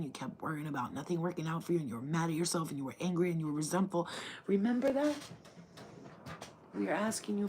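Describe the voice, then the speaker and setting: Animated swearing woman, faint background hiss. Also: mid-range voice, vocal fry. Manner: animated, swings between whispers and loud outbursts, swears freely. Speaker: spiritual channeler. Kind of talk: casual livestream talk.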